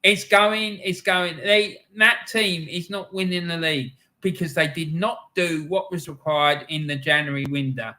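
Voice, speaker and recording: A middle-aged man hosts a live match-day stream in a fairly high voice, ranting and shouting with heavy swearing. His tone is bright and forceful, and he breaks off to read chat messages aloud. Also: fairly even intonation, a little slow, few pauses.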